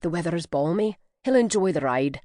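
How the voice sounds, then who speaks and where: A woman narrator voicing a tough, brisk Scottish nanny in her forties, with a put-on Scottish accent, in an audiobook. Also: fairly low pitch, animated, warm tone, dry recording, studio quality, close to an everyday voice.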